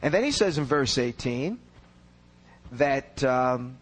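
A man's voice: medium pitch, expressive, takes it slowly, low-quality recording. A man giving an expository Bible teaching in an earnest, explanatory way, leaning on key words for emphasis.

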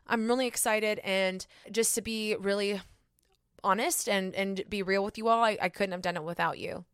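A woman's voice: medium pitch, fairly bright tone, clean tone, dry recording, studio quality. Bubbly woman podcast host. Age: 30s. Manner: bubbly, laughs often, self-teasing. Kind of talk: casual solo podcast chat.

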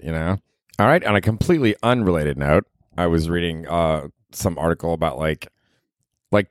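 A man's voice: deep voice, clean tone, no echo, clean studio sound. A young man hosting his own podcast as a comedian, telling rambling, profane stories in a loose, casual way. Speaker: podcast host. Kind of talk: casual solo podcast chat. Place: small apartment.

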